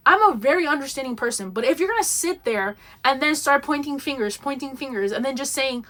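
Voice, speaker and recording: Young woman host, solo podcast rant, emphatic and animated, fairly high voice. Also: brisk. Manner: animated, emphatic storytelling with acted-out quotes.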